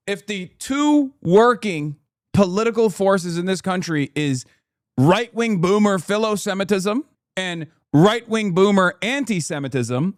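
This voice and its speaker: A man's voice: high voice, no echo, studio quality. A man streaming live, reacting to a video and talking to chat with sarcastic, profane commentary.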